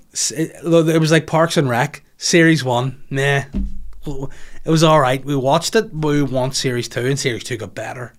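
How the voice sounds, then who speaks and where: Crude rambling man. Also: mid-range voice. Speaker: comedian answering listener questions. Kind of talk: casual podcast chat.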